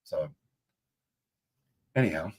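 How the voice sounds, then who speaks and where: A man hosting a casual interview, chatty and animated as he tells an anecdote. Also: takes it slowly. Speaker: host.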